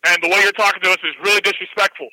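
High, bright, fast-talking man on the phone. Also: no echo, low-quality recording. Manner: calm but firm, repeats himself to push back. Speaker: restaurant employee answering the phone. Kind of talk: phone argument. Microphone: telephone line.

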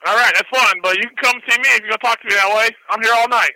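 A man at a restaurant argues over the phone, staying calm but firm and repeating himself. His voice is very bright and high, and it comes through dry and close. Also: rapid-fire, dry recording, low-quality recording. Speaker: restaurant employee answering the phone. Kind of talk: phone argument. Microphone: telephone line.

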